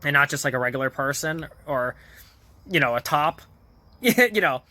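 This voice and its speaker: A man's voice: fairly high pitch, lively intonation, normal speed, bright, forceful tone, no echo. A man vlogger casually retelling a TV episode in a rambling way, full of fillers, restarts and small chuckles. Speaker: vlogger reviewing a TV show.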